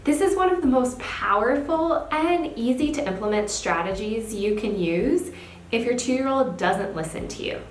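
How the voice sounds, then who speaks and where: A young woman, a speech therapist, giving parenting tips in a clear, upbeat teaching manner. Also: on the high side, expressive, moderate pace. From California. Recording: echoey room, faint background hiss.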